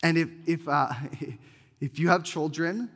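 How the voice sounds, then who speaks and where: A man delivering a sermon in a fairly high voice, reading scripture with weight and then pleading earnestly with the men in the room. His words ring out with a long reverb from the church hall around him. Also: fairly even intonation, unhurried, fairly bright tone. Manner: earnest, pleading, reads scripture aloud with emphasis. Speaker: pastor.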